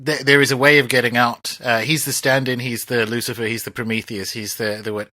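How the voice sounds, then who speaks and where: A male podcast host with a bright, lively tone, recorded close and dry with no room sound. He talks in a thoughtful, meandering way, trailing off and then surging up loudly. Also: mid-range voice, brisk, dry recording. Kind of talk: conversational interview.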